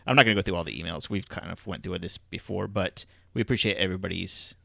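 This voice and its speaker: Gravelly low-voiced podcast co-host man. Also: fairly bright tone, no echo. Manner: easygoing, halting, many fillers. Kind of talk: casual chat.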